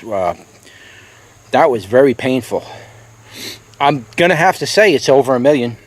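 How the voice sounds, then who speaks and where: In a casual pepper review vlog, a man with a medium-pitched voice tries a very hot pepper on camera. His eyes water and his nose runs as he talks in halting bursts, repeating words between gasps.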